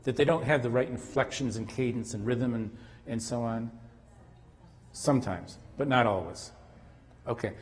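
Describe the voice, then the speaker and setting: Male conference lecturer, academic talk, halting with restarts, hall reverb. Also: medium pitch. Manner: halting, frequent restarts and fillers.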